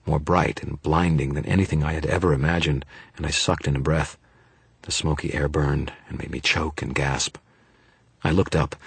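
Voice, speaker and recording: A male narrator with an extremely deep, very husky voice reads a first-person fantasy audiobook. His delivery is grim and dramatic, and the sound is close and completely dry. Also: dry recording.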